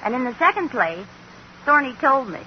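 A knowing wife in a 1940s radio sitcom, playfully teasing her husband. Her voice is high and bright. It comes through a dull old radio recording with a faint hiss. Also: very animated, moderate pace.

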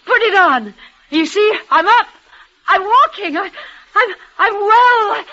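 An actress voicing a dying, devoted young woman in an old radio drama, speaking in breathless, halting, emotional bursts. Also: extremely high pitch, expressive, pushed and bright, heavily acted. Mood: frantic. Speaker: leading lady in a radio play. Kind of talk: 1940s radio acting. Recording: dull lo-fi old radio recording.

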